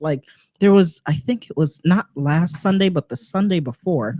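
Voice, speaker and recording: A woman's voice: sits low, animated, normal speed, darkish tone, dry recording, clean studio sound. A woman guest on a community radio talk show, speaking frankly and earnestly about her work and self-care, laughing along with the host. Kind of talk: casual interview chat. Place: radio studio.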